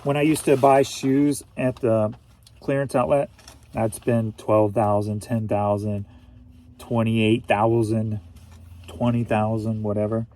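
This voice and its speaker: Laid-back reseller man with a mellow voice. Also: fairly low pitch, level tone, slow. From St Louis, Missouri. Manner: storytelling, offhand and joking. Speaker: online reseller. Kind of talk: casual vlog monologue.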